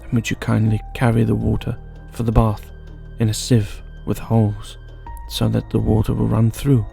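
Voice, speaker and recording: A man's voice: fairly low pitch, monotone, moderate pace, creaky, warm tone, faint music behind. A man voicing a polite young girl in a fairy tale, speaking courteously while hiding fear.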